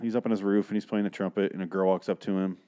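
A man's voice: low voice, fairly even intonation, very fast, warm tone. A young man hosting a podcast, casually recapping a TV episode with rambling, profane, sarcastic asides. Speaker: podcast host.

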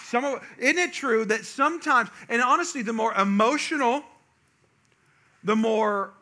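A man telling a humorous family story to a live audience, with chatty asides to the crowd. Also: extremely high pitch. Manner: animated, jokey asides to the audience; quick, chatty, self-interrupting. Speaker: speaker addressing a live audience.

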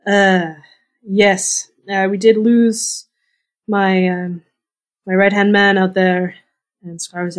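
Woman GM, mid-pitched, relaxed tabletop narration with loose character asides. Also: a little slow. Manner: casual, laughs easily, voices NPCs lightly. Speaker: game master.

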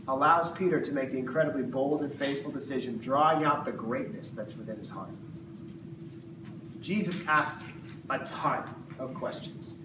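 A man teaching the Bible to a small group in casual, jokey talk, acting out voices of the disciples. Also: on the high side. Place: room with a live group. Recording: echoey room, distant mic, noisy background.

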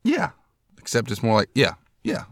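A man's voice: medium pitch, wildly swooping pitch, normal speed, dry recording, studio quality. A man hosting a podcast, telling rambling, self-deprecating stories in casual chat. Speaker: podcast host.

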